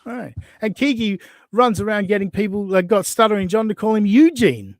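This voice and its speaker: A man's voice: sits high, lively intonation, moderate pace, no echo. A man hosting a podcast, mocking and profane as he reacts to clips in casual chat. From Australia. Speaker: podcast host.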